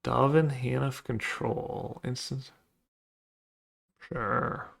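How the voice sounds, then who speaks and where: A man's voice: medium pitch, steady tone, extremely slow, creaky, fairly bright tone. A man casually commenting on his own card game, muttering and thinking aloud as he plays. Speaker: streamer playing a card game.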